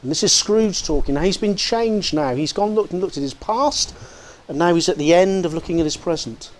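A man's voice: sits high, a little fast. A man giving a public lecture to an audience in a hall, speaking expressively with shifts in pace and volume for emphasis. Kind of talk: public lecture with dramatic readings.

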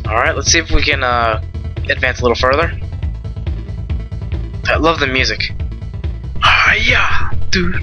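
A young man giving casual gameplay commentary, rambling, swearing often and yelling at the game. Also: mid-range voice, moderate pace, pauses often, faint music behind, poor audio. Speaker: let's play host.

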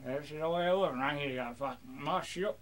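A man's voice: a little high, fairly quick, fairly bright tone. A young man rambling crudely through casual gameplay commentary, joking in a mock pirate voice. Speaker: gamer.

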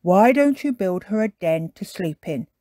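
A woman reading a storybook aloud and voicing a patient father pig who speaks calmly and gently coaxes. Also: mid-range voice, measured pace, no room sound, clean studio sound, lightly acted. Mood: kindly.

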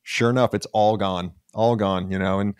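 A man's voice: fairly low pitch, fairly even intonation, moderate pace, clean tone, no room sound, studio quality. A man hosting a podcast interview, eager and given to repeating his phrases for emphasis. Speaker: podcast host.

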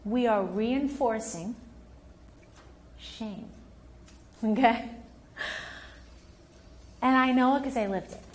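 A woman family therapist giving a workshop talk to parents, animated and acting out parent and child voices as she explains. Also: fairly high pitch, takes it slowly, pauses often.

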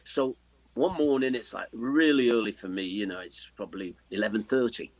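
A man in his seventies with an English accent, a guest musician telling animated stories and mimicking the sounds and voices of the people in them. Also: fairly low pitch, moderate pace, dry recording, poor audio. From England. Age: 70s. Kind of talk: anecdotal storytelling in an interview.

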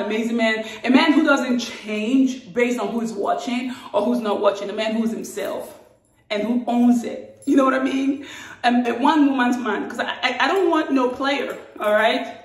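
A woman talking casually to camera, playful and animated. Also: normal speed, reverberant, recorded from a distance. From Africa. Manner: playful and animated, with laughs and sudden high exclamations. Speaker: vlogger.

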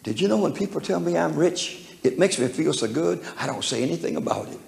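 A man's voice: a little high, expressive, brisk, gravelly, darkish tone. An older man preaching a sermon, telling a personal story in a folksy, chuckling way and acting out the voices in it. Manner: folksy, chuckling, acts out voices in his stories. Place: church hall. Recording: echoey hall with faint background noise.

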